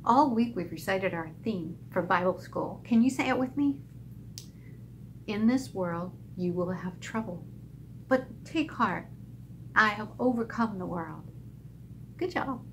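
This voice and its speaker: At church, a woman teaches a children's Bible lesson, telling the story in an animated voice. She acts out the characters' lines with big jumps in pitch.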